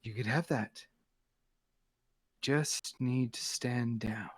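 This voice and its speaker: A man doing Scarlet Scorpion, a hushed noir vigilante woman. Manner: low, hushed and measured. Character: Scarlet Scorpion, a hard-edged female vigilante in a noir city.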